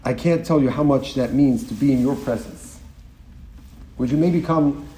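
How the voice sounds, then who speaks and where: A man voicing a gentle, heartfelt old-world rebbe in a roomy space. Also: mid-range voice, moderate pace, close to an everyday voice. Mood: tender. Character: saintly, tender-hearted male rebbe. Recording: roomy with faint ambience.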